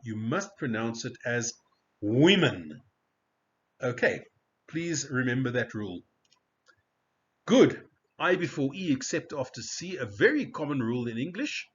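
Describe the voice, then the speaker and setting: A man's voice: mid-range voice, lo-fi sound. A man teaching a recorded spelling lesson, carefully repeating and stressing each example word.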